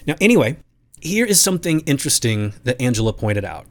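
A man's voice: mid-range voice, sing-song, brisk. A man hosting a solo podcast, talking through listener mail in a conversational, reflective way with occasional restarts. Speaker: podcast host.

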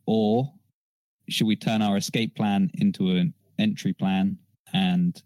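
A man with a lowish voice plays a tabletop game and talks through his plans. He has a playful, scheming manner and chuckles now and then. The sound is dry and close. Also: fairly even intonation, slow pace, a little mellow, dry recording, low-quality recording. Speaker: player. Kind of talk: casual tabletop game play.

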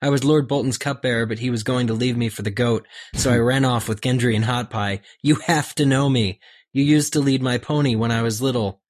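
A man's voice: medium pitch, a little fast, natural voice. A man reading as a tearful pleading girl. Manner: pleading, raised voice. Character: young girl, tearful and desperate.

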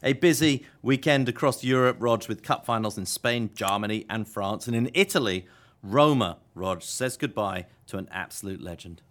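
A man's voice: mid-range voice, normal speed, fairly bright tone. A man co-hosting a casual podcast chat, dry, joking and chatty. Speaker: podcast co-host.

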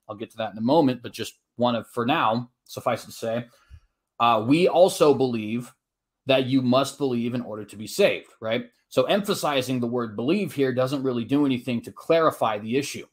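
A man making his case in a formal debate, earnest and argumentative, quoting scripture at length and often checking in with a quick tag question. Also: mid-range voice. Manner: frequent tag questions and "uh" restarts.

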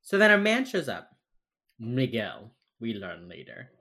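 A woman with a very deep voice for her sex talks through a TV episode in relaxed podcast chat. She tells it wryly, leaning on casual fillers as she goes. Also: measured pace, slightly rough. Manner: wry storytelling, heavy use of "like". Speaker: podcast co-host recapping a TV episode.

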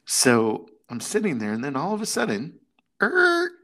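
A man's voice: medium pitch, moderate pace. Easygoing man telling a story. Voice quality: animated storyteller, acts out quotes. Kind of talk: casual chat.

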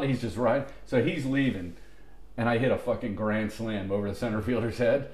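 A middle-aged man with a fairly low, slightly mellow voice talks at a normal speed, his words carrying some reverb. He rambles through long, profane stories for friends on a podcast, restarting often and laughing along the way.

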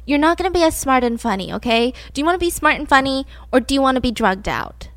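A woman hosting a podcast, telling a true-crime story in a casual, animated way and laughing as she goes. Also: high voice, fast talker, dry recording. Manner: animated, laughs while telling, acts out quotes. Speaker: podcast host.

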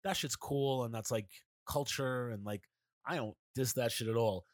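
A man's voice: medium pitch, moderate pace, no room sound, clean studio sound. A young man co-hosting a podcast in casual banter, joking crudely and chiming in. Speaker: podcast co-host.

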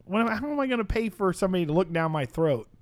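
A man's voice: high-pitched, animated, very fast, no echo. A man co-hosting a podcast, telling a story in casual chat, laughing often and acting out the voices of the people in it. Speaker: podcast co-host.

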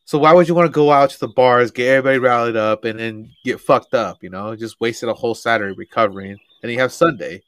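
A man's voice: medium pitch, quick pace, hardly any pauses, no room sound. A young man co-hosting a podcast, chatting casually with friends, swearing freely and laughing often. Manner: profane, laughing, animated storytelling. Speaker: podcast co-host. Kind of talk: casual chat.

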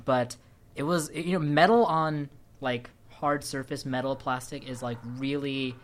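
A man hosting a casual podcast chat, an animated storyteller who often breaks into laughter. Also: medium pitch, a little slow. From Sri Lankan family. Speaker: podcast host.

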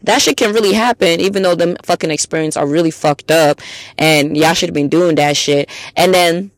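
A woman hosting a solo podcast, talking bluntly and emphatically with lots of swearing, swinging between loud outbursts and low asides. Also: normal speed, no echo. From immigrant to the US. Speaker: podcast host.

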